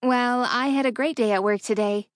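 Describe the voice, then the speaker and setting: A woman voicing a young fiancée who sounds subdued and quietly hurt, speaking softly in an audiobook reading. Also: a little high, fairly even intonation, moderate pace, dry recording, clean studio sound, pitched above the performer's own voice, natural voice.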